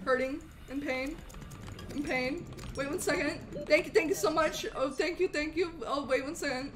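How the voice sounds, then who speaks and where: A young woman streaming a game live, chatting with viewers in a bubbly, animated way and eagerly thanking them. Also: high-pitched, normal speed, crowd noise. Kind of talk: live gameplay stream chat.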